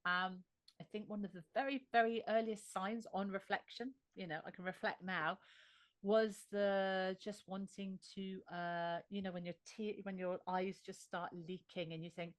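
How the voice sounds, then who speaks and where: An Australian woman recounts her experiences in an animated, conversational way. Her voice sits in the middle range. The recording is close and dry, with no room sound. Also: medium pitch, normal speed, no room sound. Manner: animated storyteller. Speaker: interview guest. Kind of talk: conversational interview.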